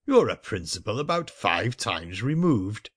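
A curt male solicitor brushes people off with terse, scornful lines, read by a man. The voice sits fairly low and is recorded dry and close. It comes from a storybook-style audiobook reading. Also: big pitch swings, a little slow, husky, dry recording, full character voice.

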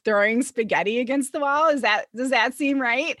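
Bubbly woman host, fairly high voice, dry close recording, laughs easily. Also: moderate pace, a bit bright, no echo. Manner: bubbly, laughs often, acts out her own thoughts. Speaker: podcast host. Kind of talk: casual podcast chat.

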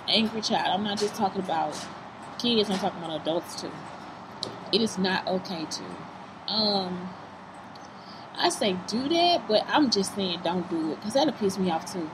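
A woman vlogging in a fast-food restaurant, talking in a blunt, profane, rambling way. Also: fairly low pitch. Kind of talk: casual vlog talk. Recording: noisy restaurant background.

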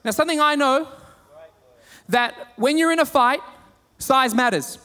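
A man with an Australian accent preaching a sermon, telling stories with humor and animated retellings. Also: very high voice, unhurried, in a large hall. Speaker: pastor.

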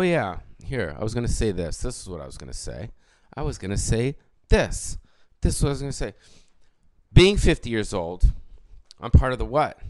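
This fiftyish comedian and podcast host has a fairly low voice, recorded with no room sound. He's ranting on his own in a loose, foul-mouthed, meandering way, repeatedly backtracking to fix what he just said, the style of a relaxed solo podcast episode.

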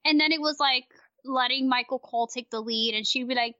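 A woman guest on a casual podcast, ranting in a rambling, profane, animated way. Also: high-pitched, fairly quick, dry recording, lo-fi sound.

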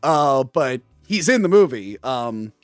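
A man co-hosting a podcast in casual chat, animated and laughing often, swearing freely. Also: mid-range voice, slow, no room sound, studio quality, faint music behind. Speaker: podcast co-host.

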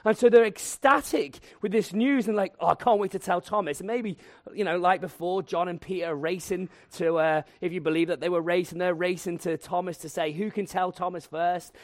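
A man preaching a lively, humorous sermon and acting out voices to tell the story. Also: sits high, brisk, no echo, studio quality.

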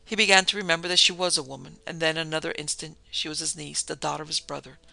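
Gravelly, bright male storyteller. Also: on the high side, fairly even intonation, fast talker, no room sound. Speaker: narrator. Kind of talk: storybook narration.

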